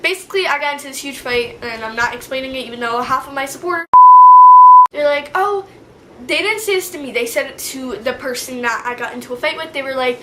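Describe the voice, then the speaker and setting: A young woman talks straight to her viewers in a storytime vlog, her voice high and bright. She acts out every quote in a slangy, animated way. There is a faint hiss of noise in the room behind her. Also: quick pace, rough recording. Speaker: vlogger. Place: indoor room.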